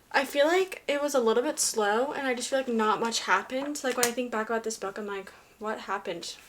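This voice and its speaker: Excitable young woman reacting to books. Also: a little high. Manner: excitable, often drops to a whisper. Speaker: book vlogger. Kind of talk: casual reading reactions. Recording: faint background noise.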